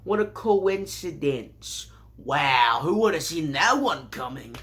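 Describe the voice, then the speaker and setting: Male anime reviewer, deadpan sarcasm, rambling recap, slightly high voice. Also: slow pace. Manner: sarcastic, rambling, with jumpy pitch.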